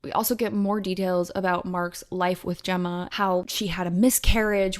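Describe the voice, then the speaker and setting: A woman talking casually and enthusiastically in a reaction vlog, gushing over a TV series with plenty of "like"s. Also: fairly low pitch. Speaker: TV show reviewer.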